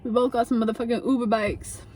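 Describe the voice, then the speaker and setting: A young woman vlogger telling a casual, profane storytime, chatty and animated, with lots of "like". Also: fairly high pitch, fast talker. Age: young adult.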